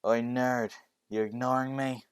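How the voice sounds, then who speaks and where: A loud, sneering teenage boy, as a male narrator puts him on, spitting taunts and curses at a classmate. The voice sits a little low and rough-edged, a bully's voice in a homemade fan story. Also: measured pace, no echo, clean studio sound. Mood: taunting. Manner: sneering, swears.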